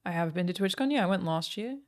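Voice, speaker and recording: A woman's voice: fairly low pitch, animated, fast talker. A young woman chatting casually on a live stream, answering her viewers' questions with many fillers like "um" and "like". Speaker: streamer and game writer.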